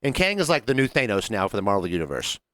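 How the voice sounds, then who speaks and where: A man co-hosting a podcast in casual chat, telling stories in an animated way and swearing for emphasis. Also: on the low side, fast talker, dry recording. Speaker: podcast co-host.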